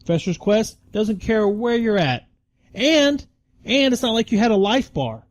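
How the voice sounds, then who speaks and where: A man's voice: high-pitched, lively intonation, measured pace. A man guesting on a casual gaming podcast, griping in an exasperated way. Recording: dull lo-fi sound.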